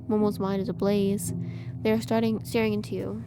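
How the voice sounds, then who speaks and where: A woman reading aloud a horror visual novel with measured, eerie narration. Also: medium pitch, level tone, noisy background. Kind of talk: dramatic game narration.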